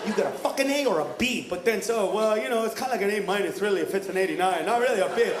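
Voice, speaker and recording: High-voiced ranting male comedian. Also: rapid-fire, heavy background noise. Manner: profane, ranting, shouting punchlines. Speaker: stand-up comedian. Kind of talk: stand-up comedy set. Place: comedy club stage. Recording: echoey live comedy club with crowd.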